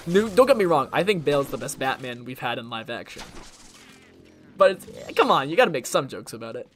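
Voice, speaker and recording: A man's voice: mid-range voice, animated, moderate pace, fairly bright tone, soft background music. A young man rambling casually while streaming a game, with lots of fillers. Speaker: gaming streamer. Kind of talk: casual chat while gaming.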